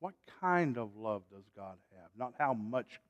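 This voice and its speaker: The preacher's medium-pitched voice has lively intonation as he shifts from loud, insistent calls to quiet, drawn-out passages, prompting the congregation to respond. High frequencies are missing from the recording.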